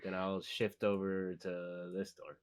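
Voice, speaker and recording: A man playing a tabletop game, asking quick, eager questions about the scene. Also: low-pitched, completely flat delivery, clean tone. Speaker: player.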